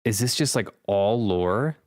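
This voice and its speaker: A man's voice: lowish voice, expressive, measured pace, no room sound, clean studio sound. A male streamer chatting casually and thinking aloud, rambling with fillers. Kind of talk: casual chat.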